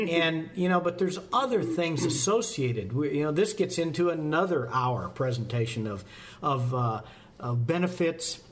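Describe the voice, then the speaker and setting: A man's voice: fairly high pitch, lively intonation, a little slow, slight background noise. Folksy rambling American man. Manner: folksy, rambling, jokes at himself. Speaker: fire service presenter. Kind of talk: casual podcast talk.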